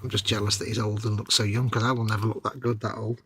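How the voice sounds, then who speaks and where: A man's voice: on the low side, little pitch movement, fast talker, a bit bright, slight background noise. A middle-aged man co-hosting a live hobby stream, trading dry, wry quips in casual banter.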